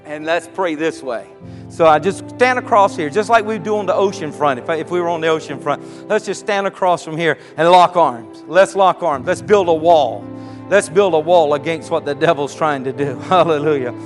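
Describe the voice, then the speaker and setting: A man preaching a sermon, swinging from soft, low passages to loud shouted cries. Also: normal speed, big-room sound, over music. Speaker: pastor.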